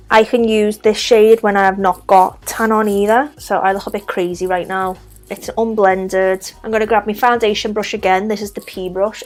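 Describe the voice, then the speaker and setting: A young woman with a broad Scouse accent narrates her makeup routine in a casual, chatty way, naming each product and brush as she goes. She drops in little self-deprecating asides. Faint music plays quietly underneath her mid-pitched voice. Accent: Scouse (Liverpool). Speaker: makeup vlogger.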